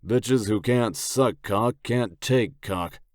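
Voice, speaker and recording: A man voicing a menacing, slick Italian crime boss in an audiobook, with a put-on Italian accent and a slow, smug, suggestive delivery. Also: lowish voice, no echo, clean studio sound, voice pushed up. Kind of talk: audiobook character voice.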